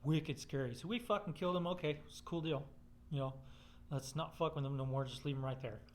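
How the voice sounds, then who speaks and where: A man's voice: a little high, fairly quick, a little hiss or hum. A man telling a rambling personal story in casual, profane, blunt speech.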